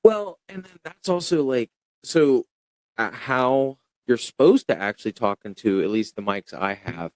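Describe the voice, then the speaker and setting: A young man chatting casually as a podcast guest, telling stories in a rambling, animated way with lots of fillers. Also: mid-range voice, a little slow, no room sound. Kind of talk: casual chat.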